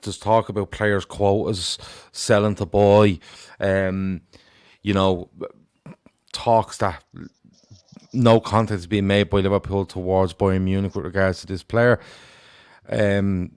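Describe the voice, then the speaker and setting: Blunt man, low voice. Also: steady tone, a little slow, darkish tone, clear, resonant tone, dry recording, studio quality. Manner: blunt, opinionated, swears. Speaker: podcast co-host. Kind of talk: casual podcast chat.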